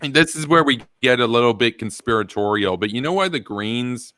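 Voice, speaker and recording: A man hosting a live political stream, talking casually and reading chat aloud. He is animated and laughs often. His voice sits at a middle pitch and sounds dry and close. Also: a little fast, dry recording.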